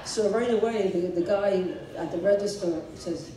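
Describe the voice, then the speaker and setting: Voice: medium pitch, normal speed, a crowd in the background. A person at a memorial concert giving a chatty spoken tribute, telling stories and chuckling between lines. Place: large hall with audience. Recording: echoey hall from far off, background noise.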